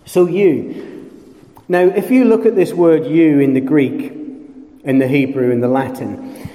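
A man's voice: fairly high pitch, unhurried, dark tone. A man preaching a sermon, telling stories with playful asides and acted-out quotes. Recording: echoey hall with long reverb.

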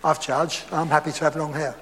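A man with an Essex accent and a fairly high voice preaches a sermon at a fairly quick pace, telling lively stories, laughing and acting out the lines he quotes. The hall is echoey, with faint background noise.

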